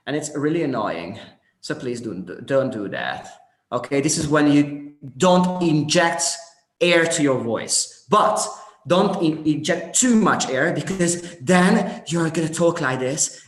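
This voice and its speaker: A man's voice: medium pitch, expressive, slow, a bit bright. Male co-instructor, Spanish native in English, emphatic demos, echoey call audio. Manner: demonstrates voice types, casual and emphatic. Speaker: workshop co-instructor. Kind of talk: online workshop teaching. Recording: echoey room.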